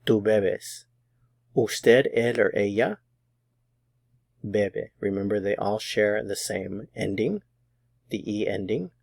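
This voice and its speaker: A man teaching a Spanish grammar lesson, explaining patiently and methodically, slowing down to model example phrases. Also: on the low side, vocal fry, darkish tone, no echo, clean studio sound.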